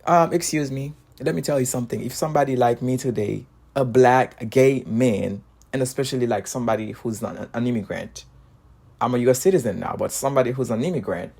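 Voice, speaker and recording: A man's voice: medium pitch, fairly quick, vocal fry, a little mellow, slightly rough. A man, an immigrant with a foreign accent, giving a heated casual opinion monologue. He repeats himself often and breaks into short laughs between points. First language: not English. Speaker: commentator.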